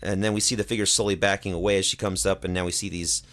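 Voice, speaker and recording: A man's voice: low voice, fast talker. A young man hosting a podcast, recapping a horror film in casual chat and acting out the characters' lines. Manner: animated retelling with acted quotes. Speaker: podcast host.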